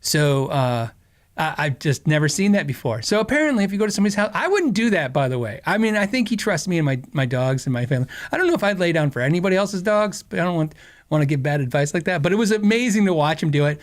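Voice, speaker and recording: Animated rambling man hosting a podcast. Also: a little high, quick pace. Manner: rambling, laughs often, animated quoting. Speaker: podcast host. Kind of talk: casual storytelling chat.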